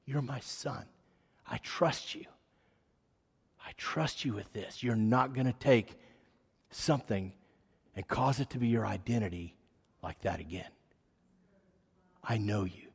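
A man voicing God as a gentle, kind presence, speaking softly. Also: medium pitch, a little slow, creaky, pauses often, husky, heavily acted. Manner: soft, near-whispered. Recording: echoey hall reverb.

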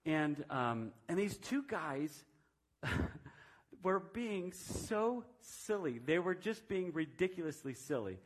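Casting note: man in his fifties, preacher sharing testimony, slightly high voice, casual storytelling. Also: sing-song, slow pace. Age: 50s. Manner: conversational storytelling with frequent restarts; self-described reserved personality. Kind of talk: sermon testimony.

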